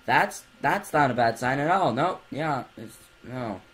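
A man's voice: medium pitch, animated, a little slow, fairly bright tone, rough recording. A young man giving jumpy let's play commentary from his bed, breaking into screams and goofy baby talk, on a computer mic. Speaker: gamer. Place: in bed at home.

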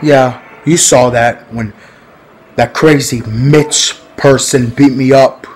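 A man's voice: medium pitch, fairly even intonation, slow pace, faint music behind, rough recording. A man talking casually to his viewers in a rambling, repetitive vlog, often laughing. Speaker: vlogger.

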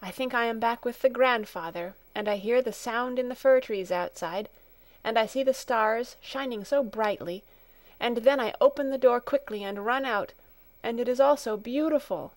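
A woman's voice: on the high side, normal speed, no echo, natural voice. A woman reading a storybook, voicing a timid, homesick little girl who is near tears and gives small, hesitant answers. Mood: homesick, tearful.

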